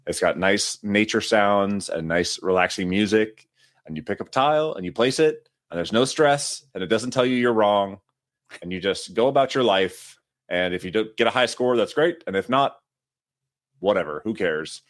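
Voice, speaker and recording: A man's voice: on the low side, animated, normal speed, dry recording, clean studio sound. A man co-hosting a board game podcast in casual chat, playful and rambling as he tells stories. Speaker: podcast co-host.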